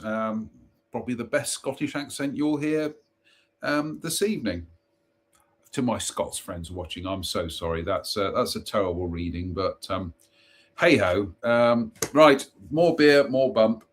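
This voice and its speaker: A man reads ghost stories aloud on a live stream in a slow, unhurried way. His voice is husky and a little rough. Between passages he makes chatty, self-mocking asides and trips over the odd place name. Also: lowish voice, lively intonation. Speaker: host.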